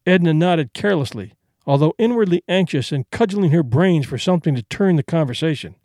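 A man narrating an audiobook with expressive storytelling. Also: on the high side, fairly quick, no room sound, studio quality.

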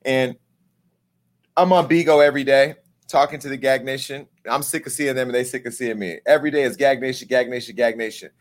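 A man hosting a commentary vlog, talking in an animated, profane, joking way about gossip and the news. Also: mid-range voice, a little fast.

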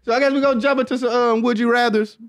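A man's voice: very high voice, steady tone, rapid-fire, no room sound. A man hosting a casual podcast, talking loosely and profanely and laughing often as he rambles. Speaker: podcast host.

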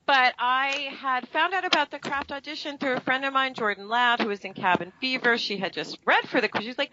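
A woman's voice: a little fast, few pauses, highs cut off. A woman actress chatting in an interview, telling stories animatedly and acting out other people's lines. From New York. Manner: animated storytelling, acting out quotes with big pitch jumps. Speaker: actress and guest. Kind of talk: casual interview chat.

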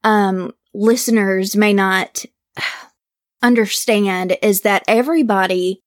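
A woman's voice: medium pitch, takes it slowly, no echo, clean studio sound. A woman who hosts a true crime podcast, appearing as an interview guest and speaking in an earnest, agreeable, thoughtful way. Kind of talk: casual interview chat.

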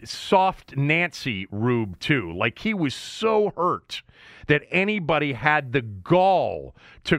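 A man co-hosting sports talk radio, ranting with a lively voice that swings up and down. He mocks and scoffs as he argues his point. The sound is close and dry, with no room echo. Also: fairly high pitch. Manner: animated, mocking, ranting.

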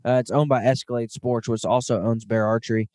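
A man in his thirties hosts a relaxed podcast conversation at a medium pitch. He speaks with earnest enthusiasm and frequent filler "um"s. The recording is close and dry, with no room sound. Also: brisk, no room sound. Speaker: podcast host. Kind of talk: casual hunting podcast chat.

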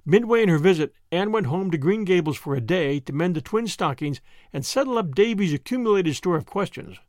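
A man narrating a classic novel as an audiobook in a gentle, expressive storytelling manner. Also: sits high, a little fast, no room sound, clean studio sound. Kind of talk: scripted narration.

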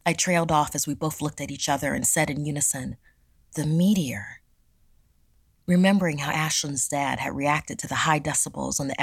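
Low, gravelly woman narrating horror. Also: dry recording. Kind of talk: first-person horror story narration.

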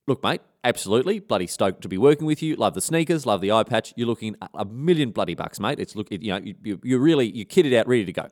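A man's voice: lowish voice, expressive, fast, few pauses, a little mellow, natural voice. A man with an Australian accent voicing an eager, agreeable male soldier sidekick who gushes and stammers in slang.

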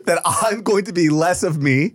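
A man's voice: high-pitched, moderate pace, husky, dry recording, studio quality. A young man from Sacramento co-hosting a casual podcast chat, joking, swearing and laughing often. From Sacramento, California. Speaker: podcast co-host.

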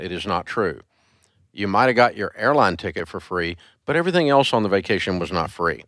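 A man's voice: sits low, fairly bright tone, no room sound, studio quality. A man hosting a call-in radio show, blunt and emphatic as he rants at a caller.

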